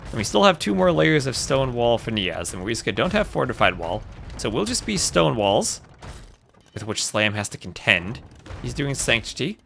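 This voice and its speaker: Lively gravelly male game caster. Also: medium pitch, normal speed, a little hiss or hum. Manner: chatty, thanks viewers between plays. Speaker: tournament host and caster. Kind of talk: live-streamed esports commentary.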